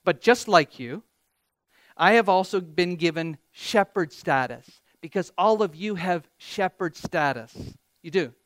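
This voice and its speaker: A man preaching a sermon as pastor, animated, reading scripture with rising emphasis and joking about himself. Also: high voice, unhurried, dry recording. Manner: animated, quotes scripture with rising emphasis, self-deprecating humor.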